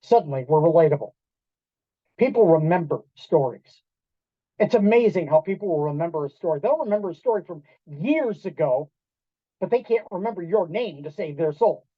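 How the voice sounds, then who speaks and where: A man giving a storytelling talk to an audience in a restaurant event room, animated, acting out quoted voices and quizzing the listeners. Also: on the high side, normal speed, no room sound. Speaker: keynote speaker. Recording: dull lo-fi dry sound.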